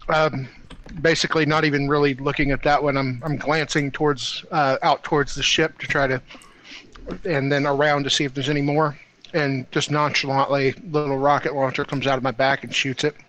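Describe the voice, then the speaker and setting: Player, male, mid pitch, very flat delivery, hesitant and laid-back. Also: fairly quick, slight background noise, poor audio. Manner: nonchalant, hesitant with many fillers.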